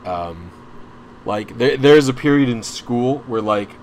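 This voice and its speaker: A young man streaming tells a long personal story in casual chat, rambling with frequent restarts and asides, openly anxious and frustrated. His medium-pitched voice is animated yet slow and a little mellow, with slight hiss or hum.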